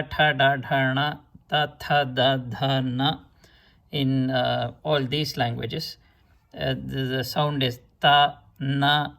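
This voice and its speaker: A man teaching writing systems at an unhurried pace, his slightly raised voice carrying a gravelly edge. He stops to sound out syllables one by one and hesitates often as he works through each point. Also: a little high, a bit bright. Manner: slow, hesitant explaining with many fillers and restarts; sounds out syllables to demonstrate pronunciation. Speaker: script teacher. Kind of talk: explanatory lesson.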